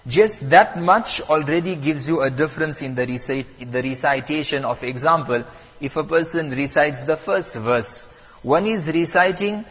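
A man teaching Quran recitation at a mosque, calm and patient, repeating and stressing the key points. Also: a little high, normal speed, husky, in a large hall, lo-fi sound. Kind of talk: lesson on Quran recitation rules.

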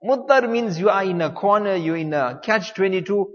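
A man's voice: sits high, expressive, normal speed, long reverb tail, muffled recording. A man preaching, telling a story in a sermon, repeating phrases and using Arabic religious terms.

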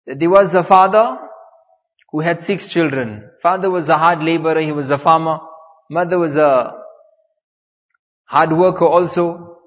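A man's voice: on the high side, long reverb tail, highs cut off. A man preaching, telling a story in a sermon, repeating phrases and using Arabic religious terms.

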